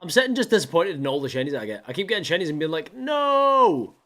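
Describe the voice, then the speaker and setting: Young male streamer, casual and theatrical, swings his pitch all over while chatting to viewers. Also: very fast, soft background music. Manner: animated, mock-mopey, chatting with viewers. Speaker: game streamer. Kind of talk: casual live-stream chat.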